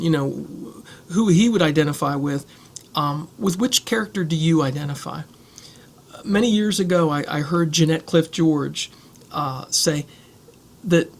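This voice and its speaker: A male pastor delivers an earnest, reflective sermon, reading passages aloud and then talking them through. His voice sits a little higher than most men's.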